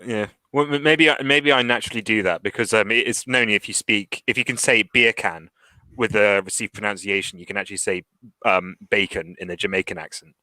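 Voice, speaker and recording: A young man guesting on a casual political chat, wry and quick to laugh. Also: lowish voice, fairly even intonation, sharp tone, rough recording. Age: young adult.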